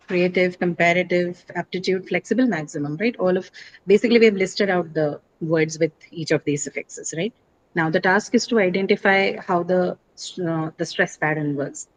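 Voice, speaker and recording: A woman's voice: fairly low pitch, a little hiss or hum, rough recording. A woman teacher lecturing a class, explaining step by step with frequent fillers and tag questions. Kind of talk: classroom lecture on word stress.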